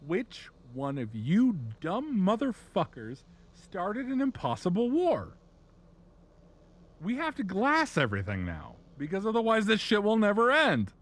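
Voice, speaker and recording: Man playing ancient robot warriors, exasperated, yelling, high and loud. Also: huge pitch swings, measured pace, full character voice.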